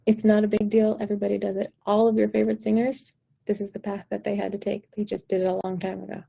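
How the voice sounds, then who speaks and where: A woman's voice: medium pitch, completely flat delivery, fast, creaky, husky, poor audio. A woman vocal coach giving an encouraging, direct pep talk on a live stream. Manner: encouraging, warm-hearted, direct.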